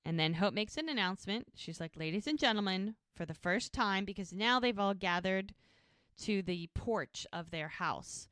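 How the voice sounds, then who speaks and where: Recapping a TV episode on her podcast, this co-host walks through it scene by scene in casual chat, voicing the characters and laughing frequently. She speaks at a moderate pace with a medium-pitched, fairly bright, smooth voice and lively intonation, in clean studio sound with no room sound.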